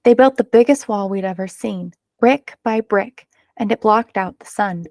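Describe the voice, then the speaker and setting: A woman voicing an elderly grandfather in a storybook, telling old stories in a gentle, wistful way, with a gravelly edge. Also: mid-range voice, normal speed, no echo, studio quality, close to an everyday voice. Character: elderly grandfather, sad and fading memory.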